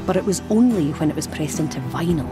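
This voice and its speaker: A woman from Scotland with a Scottish accent, presenting and narrating a documentary in a brisk, wry way. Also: low voice, lively intonation, over music.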